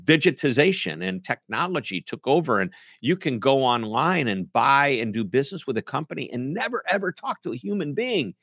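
A man's voice: medium pitch, no room sound. Playful man, dry close mic. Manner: animated, playful, jokes and puts on quick impressions. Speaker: author and podcast guest. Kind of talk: casual interview answers.

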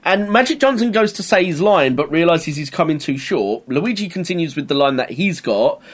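A man's voice: a little high, moderate pace. A man co-hosting a podcast, recapping a TV episode in casual chat and acting out the scenes. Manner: animated storytelling, acts out scenes. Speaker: podcast co-host.

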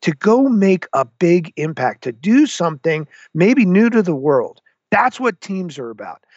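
A man tells stories as an interview guest, animated and quick to act out what others said. His voice sits a little high. The recording is dull, lo-fi and dry. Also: dry recording. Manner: animated storyteller, acts out quotes. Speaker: guest, former Navy commander. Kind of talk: interview storytelling. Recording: dull lo-fi sound.

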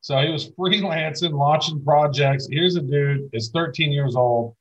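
Husky middle-aged male podcast co-host. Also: fairly high pitch, measured pace, dull audio. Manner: rambling, enthusiastic, swears playfully. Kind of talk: casual podcast chat.

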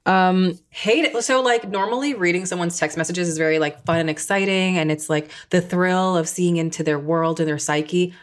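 A woman with a lowish voice co-hosting a chatty podcast. She reads text messages aloud with heavy sarcasm and mockery, slipping into casual commentary between them. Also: steady tone, normal speed, few pauses. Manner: sarcastic, mocking. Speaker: podcast co-host. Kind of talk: casual chat, reading texts aloud.

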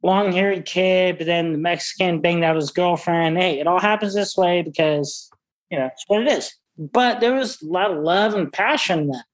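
A middle-aged man, a restaurant owner, talking brashly and profanely in a casual interview, full of excited stories. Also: high-pitched, moderate pace, rough recording. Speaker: restaurant owner and wine expert.

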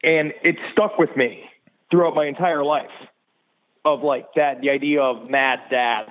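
A man calling in as a podcast guest, riffing loudly with profane, rambling comic bits. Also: a little high, fairly even intonation, a little slow, narrow, tinny audio. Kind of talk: casual chat. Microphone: remote line.

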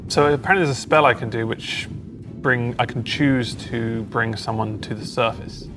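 A man's voice: mid-range voice, moderate pace, music in the background. A man, a player chatting playfully in a tabletop game. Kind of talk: casual in-character play.

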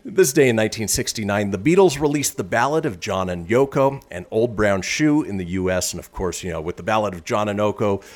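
A man's voice: fairly low pitch, animated, brisk, few pauses. A man hosting a radio show, reading this-day-in-history items in a casual chat and laughing often.

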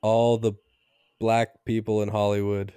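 A man's voice: fairly low pitch, monotone, unhurried, mellow, clear, resonant tone, no echo, clean studio sound. A man co-hosting a podcast who jokes playfully in casual chat. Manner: joking, playful. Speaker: podcast co-host.

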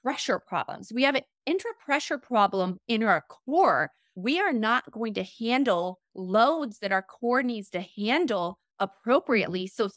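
A middle-aged woman, a fitness trainer guest on a podcast, explaining in an animated way full of "like" and "right?". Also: fairly high pitch, unhurried, few pauses, no room sound, clean studio sound.

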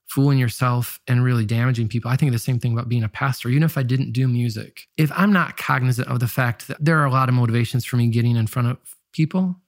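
A pastor and musician with a nasal Michigan accent speaks fast in a mid-range voice, reflecting candidly in a casual interview. He questions himself and keeps restarting sentences, recorded in a studio with no echo.

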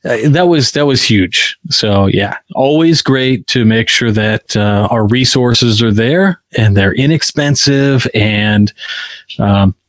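A man's voice: medium pitch, takes it slowly, no room sound. A man co-hosting a podcast in casual, rambling chat, full of filler words. His voice sits in a middle register. The recording is dry and close, with no room sound. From Illinois, US. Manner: relaxed, rambling with many fillers. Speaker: podcast co-host.

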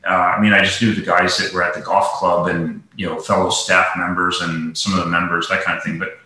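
Man, rambling casual talk, bright tone, heavy room echo. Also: low-pitched, level tone, fairly quick. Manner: rambling, many fillers and restarts. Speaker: guest, golf professional. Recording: very echoey room.

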